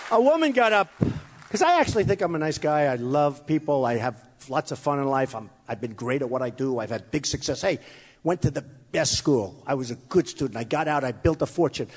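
A man's voice: a little high, breathy edge. Rambling boastful man in an echoing hall. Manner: rambling, boastful, repeats himself. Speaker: candidate speaking at a campaign event. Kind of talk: off-the-cuff campaign speech. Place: large hall with a crowd. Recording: long hall reverb.

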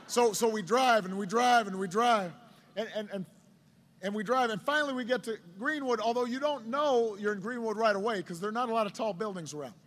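High-voiced man telling a story to a crowd. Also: fairly bright tone. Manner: halting delivery with repeated words. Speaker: politician.

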